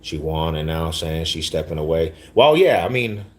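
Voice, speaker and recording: A man with a very deep, low voice chats loosely with his livestream audience. His talk is slangy, laid-back and full of repeats. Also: animated, moderate pace, a little hiss or hum. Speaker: livestream host. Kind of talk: casual livestream chat, reading chat.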